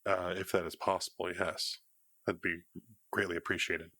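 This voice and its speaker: A man's voice: low-pitched, level tone, normal speed, pushed and bright, dry recording. A man playing a tabletop role-playing game, speaking hesitantly with frequent fillers. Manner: hesitant, many fillers and restarts in character. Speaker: player. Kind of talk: tabletop role-play, casual chat.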